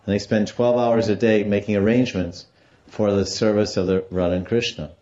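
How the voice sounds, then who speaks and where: Male religious teacher lecturing, low and mellow, on a slightly lo-fi recording. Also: fairly even intonation, fairly quick. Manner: storytelling, explaining Sanskrit terms, acts out quotes. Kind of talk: devotional scripture lecture.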